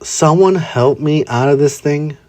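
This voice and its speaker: A sardonic young woman inventor in a fan-made storybook reading, as a man voices her. She sounds dry and sarcastic. The reader keeps his voice soft and close to his own. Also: fairly high pitch, unhurried, voice pushed up, lightly acted.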